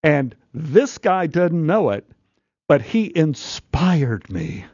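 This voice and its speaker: A man as a studio guest telling a story in an animated way, restarting phrases and acting out the people in it. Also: fairly high pitch, slightly rough, no room sound, dull audio. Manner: halting, restarts phrases, acts out quoted voices.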